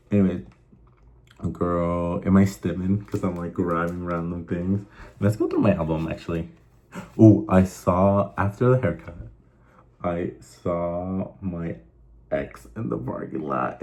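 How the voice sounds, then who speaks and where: A man's voice: low-pitched, dark tone. A young man hosting a casual chat show, rambling through stories with lots of fillers and swearing. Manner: rambling, profane, filler-heavy storytelling. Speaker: host.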